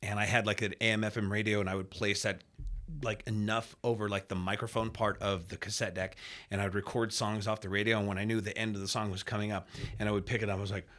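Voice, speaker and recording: A man in his fifties from Reno, Nevada, a radio host and sports announcer telling stories as a podcast guest, animated and acting out the people he describes, with plenty of fillers. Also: lowish voice, quick pace. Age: 50s. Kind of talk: casual storytelling interview.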